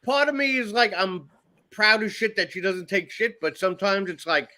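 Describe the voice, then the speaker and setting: Bright-voiced man telling rambling stories. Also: high voice, expressive, normal speed. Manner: rambling storytelling, heavy swearing. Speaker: podcast co-host. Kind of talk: casual chat.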